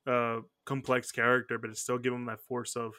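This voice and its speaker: A podcast host talks in a mid-range monotone that's pushed and bright, moving a little fast. His casual chat rambles, and he keeps stopping to correct and restart his sentences.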